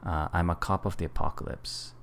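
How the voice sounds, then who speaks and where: A man's voice: sits low, fairly even intonation, a little fast, creaky, a bit bright, slight background noise. A man casually commenting on a game he is playing, playful and amused. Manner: playful, amused, reading choices aloud. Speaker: gaming video host.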